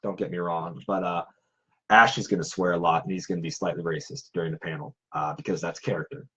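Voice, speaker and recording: A man's voice: low-pitched, steady tone, fast talker, fairly bright tone, slightly rough, poor audio. A man who makes props and cosplays, chatting casually and in a self-deprecating way. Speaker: cosplayer and prop maker. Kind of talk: casual chat.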